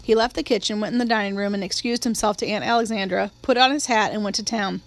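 A woman giving a steady, measured audiobook narration of a novel. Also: medium pitch. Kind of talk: scripted narration.

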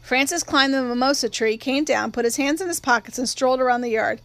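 A woman reading a novel aloud in first person, with a measured, wry storytelling manner. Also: high-pitched, fairly bright tone, no room sound. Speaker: audiobook reader. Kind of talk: first-person literary narration. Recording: dry, close studio read.

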